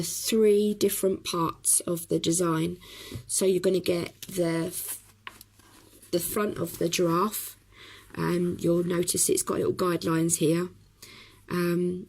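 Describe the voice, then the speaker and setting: Brief: hoarse woman, chatty craft tutor, lowish gravelly voice. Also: low-quality recording. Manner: chatty, talks while working, many ums. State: hoarse from a cough.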